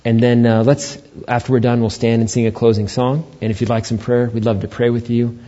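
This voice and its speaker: A man's voice: mid-range voice, level tone, fairly quick, dark tone. A male pastor giving a conversational sermon to his church, with joking asides to the congregation. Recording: dull lo-fi recording.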